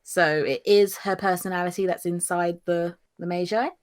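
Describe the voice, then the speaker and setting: A woman's voice: lowish voice, moderate pace. A woman co-hosting a podcast, chatting casually and dramatically as she recaps an anime episode. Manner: animated, dramatic, gasps and laughs. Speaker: podcast co-host.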